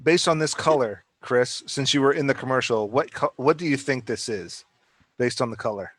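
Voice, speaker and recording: A man's voice: mid-range voice, moderate pace, fairly bright tone, slightly rough, no echo. A man hosting a casual roundtable podcast over a remote call, swearing and easily exasperated. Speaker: podcast host.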